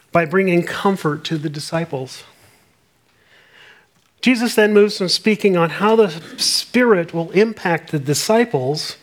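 Guy preaching a sermon, voice a bit on the high side, earnest, reads verses out loud. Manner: earnest expository preaching, reads scripture aloud. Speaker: pastor.

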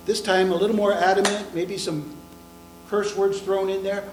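A male preacher with a somewhat high voice delivers a sermon as vivid storytelling. He acts out the characters and sinks into hushed whispers at key moments. A faint hum runs underneath. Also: lively intonation, normal speed. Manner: dramatic storytelling, acting out scenes, dropping to whispers for emphasis. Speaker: pastor.

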